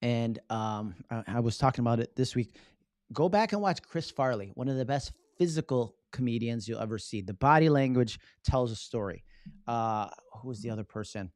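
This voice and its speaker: A man hosting a live stream on public speaking, teaching in an energetic, casual way and often checking in with "right?". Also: mid-range voice, moderate pace, no room sound, studio quality.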